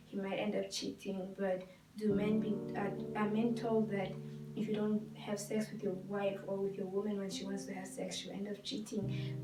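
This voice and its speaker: Young woman vlogger, fired up retelling what happened, far from the mic, guitar playing underneath. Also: mid-range voice. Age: young adult. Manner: emphatic, heated retelling with quoted dialogue. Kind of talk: personal storytelling to camera. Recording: roomy, distant mic with guitar music behind.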